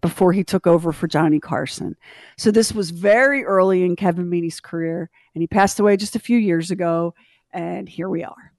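A woman's voice: on the low side, normal speed, darkish tone. A woman co-hosting a morning radio show from a studio mic, teasing her co-host in mock indignation. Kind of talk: casual radio banter. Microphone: studio microphone.

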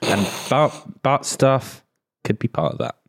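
A young man co-hosting a podcast, teasing his friends in casual banter. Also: mid-range voice. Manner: teasing, quick jabs. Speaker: podcast co-host.

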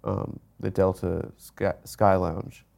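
Gravelly low-voiced joking man. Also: little pitch movement, takes it slowly, darkish tone. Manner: ironic, needling, jokey. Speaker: podcast co-host. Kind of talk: casual comedy podcast chat.

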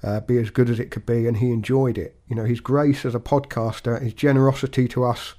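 A man's voice: medium pitch, flat delivery, warm tone. Man on a podcast, reflective chat, goes back over his words, plain mid voice. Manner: thoughtful, measured, with frequent restarts. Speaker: podcast co-host.

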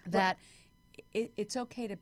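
A woman's voice: mid-range voice, fairly even intonation, unhurried. A woman hosting an interview, enthusiastic and full of affirming remarks. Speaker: podcast host. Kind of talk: interview conversation.

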